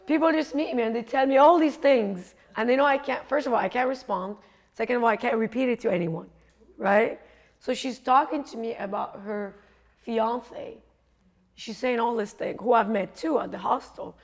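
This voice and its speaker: Gravelly-voiced woman telling a travel story. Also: a little high, moderate pace. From Africa. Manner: animated storyteller, acts out quoted voices, laughs often. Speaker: coach and speaker. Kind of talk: storytelling talk.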